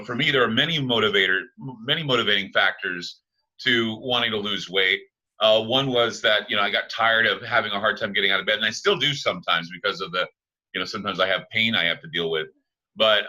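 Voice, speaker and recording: A man hosting an interview show, chatting casually and pausing often with "uh" fillers. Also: on the low side, bright, forceful tone, low-quality recording. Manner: halting, with frequent "uh" fillers. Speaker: talk show host.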